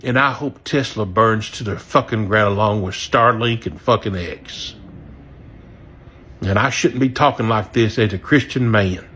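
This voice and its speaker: Angry husky man ranting. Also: measured pace. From Southern US, near Memphis. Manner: heated, profane, drawling, swings loud and low. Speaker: regretful voter. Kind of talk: angry direct-to-camera rant.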